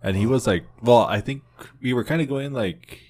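A man's voice: medium pitch, normal speed, a little mellow. A young man telling a story in a casual podcast chat, rambling, with many "like"s and restarts.

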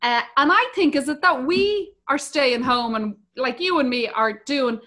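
A middle-aged woman chats away as a podcast host, casual and a little salty. Her voice sits a touch high and rings bright and forward. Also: animated, unhurried. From Ireland. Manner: chatty, swears casually, acts out quotes. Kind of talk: casual chat.

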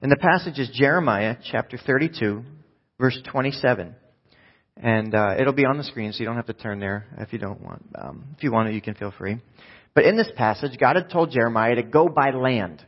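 Male pastor, chatty laid-back preaching, mid-pitched, echoey muffled hall. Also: brisk. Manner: casual, conversational, self-deprecating. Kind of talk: sermon. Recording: dull echoey hall sound.

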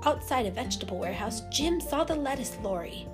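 Expressive woman reading a storybook. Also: high-pitched, fairly quick. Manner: lively and expressive. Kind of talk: storybook narration. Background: music.

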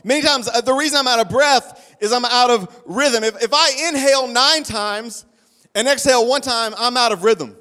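High-voiced pastor preaching in a reverberant hall. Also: male voice, moderate pace, sharp tone, clean tone. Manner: impassioned, rhythmic preaching with repeated phrases and restarts. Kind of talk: sermon. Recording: long reverb of a large hall.

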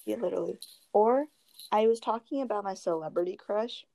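A young woman chatting casually with a friend, telling gossipy stories about her boyfriend in an animated way. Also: medium pitch, brisk, gravelly, slight background noise, rough recording. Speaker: co-host. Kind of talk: casual chat.

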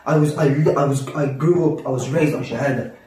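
A man's voice: medium pitch, a little fast, a little mellow. A man telling an intense personal story in casual podcast talk, repeating himself and dropping in Arabic religious phrases. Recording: echoey room, mic at a distance.

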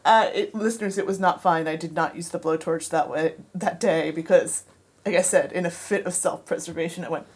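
A woman co-hosting a radio show in casual chat, telling animated stories and laughing often. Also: lowish voice, brisk, husky.

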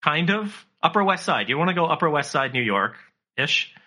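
Podcast co-host, male, husky and bright, animated storyteller. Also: on the high side, moderate pace. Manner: animated storyteller, slips into impressions. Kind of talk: casual chat.

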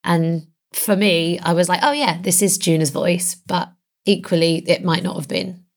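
A woman's voice: fairly low pitch, moderate pace, vocal fry. A woman chatting casually as a guest on a group podcast, laughing easily as she talks. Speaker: podcast guest, tabletop player.

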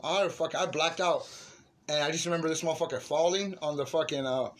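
A man casually telling friends a profane story, acting out the shouting parts. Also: on the high side, fairly quick. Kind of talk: casual chat. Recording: noisy room recording.

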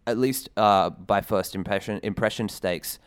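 This is a man co-hosting a casual podcast. He has a lowish, smooth voice and a dry, wry sense of humor. The recording is dry and close, with no room around him. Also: normal speed, dry recording. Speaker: podcast co-host. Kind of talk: casual recap chat.

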